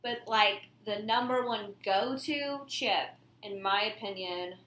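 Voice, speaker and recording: Bright-voiced woman, easygoing podcast guest. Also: mid-range voice, takes it slowly, a little hiss or hum. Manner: easygoing, laughs often. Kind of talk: casual podcast chat. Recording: echoey room.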